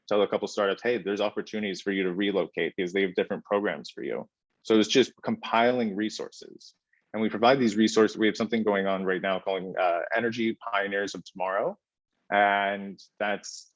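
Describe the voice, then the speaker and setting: A man giving relaxed, conversational answers as a podcast guest, with many fillers and deliberate pauses. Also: lowish voice, no room sound, highs cut off.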